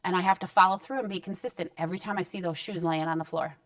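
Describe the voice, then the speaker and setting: A woman's voice: lowish voice, steady tone, quick pace. A woman in a parenting counselor role talks through discipline tips in a conversational, reassuring manner. She sits back from the mic, so her voice sounds slightly distant. The room adds almost no echo. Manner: conversational and reassuring, acting out short parent-child exchanges. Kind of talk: direct-to-camera parenting advice talk.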